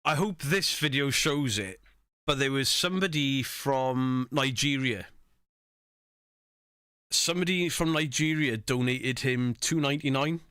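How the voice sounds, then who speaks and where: A man's voice: medium pitch, measured pace, bright, forceful tone, clean tone, no echo, clean studio sound. A man giving casual, sweary reaction commentary on stream clips, laughing and mocking himself.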